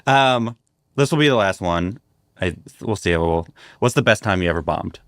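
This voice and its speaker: Low-voiced male host asking short questions. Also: animated, normal speed, a bit bright, no room sound, studio quality. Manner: short, laid-back questions. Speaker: podcast host. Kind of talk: casual interview.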